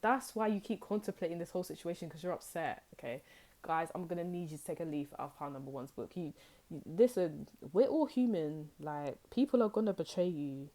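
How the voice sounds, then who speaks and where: Chatty young woman, low and mellow. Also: fairly quick. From United Kingdom. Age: young adult. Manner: chatty and rambling, acts out quoted reactions with high exclamations. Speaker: tarot reader. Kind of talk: casual tarot reading to camera.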